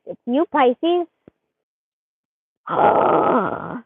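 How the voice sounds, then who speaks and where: A woman giving a live tarot reading, murmuring softly as she shuffles and then chatting in animated bursts with lots of laughter. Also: on the high side, slow, long pauses, dry recording. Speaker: tarot reader. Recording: muffled phone-like sound.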